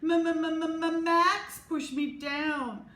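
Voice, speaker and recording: A woman's voice: sits high, lively intonation, normal speed, fairly bright tone, pitched above the performer's own voice. A woman voicing a dramatic little schoolgirl who whines and sobs. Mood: whiny. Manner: whining, sobbing. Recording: echoey room, faint hum.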